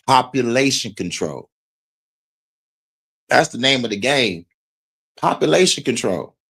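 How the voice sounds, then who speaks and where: A man streams his reaction to a video, talking over it in a loose, rambling way. He swears constantly and works himself up as he goes. His voice sits at an everyday middle pitch. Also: fairly bright tone, breathy edge. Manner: profane, heated, rambling. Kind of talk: casual reaction commentary.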